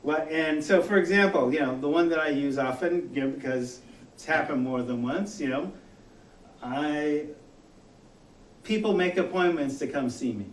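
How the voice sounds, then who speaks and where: A man from Los Angeles with a General American accent, giving a relaxed college lecture full of "you know" and quoted exchanges. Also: on the high side, normal speed, slight background noise. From Los Angeles area, US. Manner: conversational, with many "you know" fillers and quoted dialogue. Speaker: college instructor. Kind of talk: classroom lecture. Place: lecture room. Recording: echoey classroom, mic at a distance.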